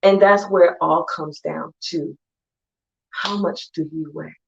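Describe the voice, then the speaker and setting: Woman, motivational speaker, low voice, emphatic, chatty, muffled lo-fi recording. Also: steady tone, gravelly, a little hiss or hum. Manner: conversational and emphatic, acting out friends in quick asides. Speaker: conference speaker. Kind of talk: motivational talk to an online audience.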